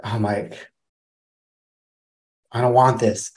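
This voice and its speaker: A man's voice: lowish voice, steady tone, moderate pace, a little mellow. A young man from Wisconsin, a podcast guest, tells a personal story in a casual, rambling way, full of restarts. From Wisconsin, USA.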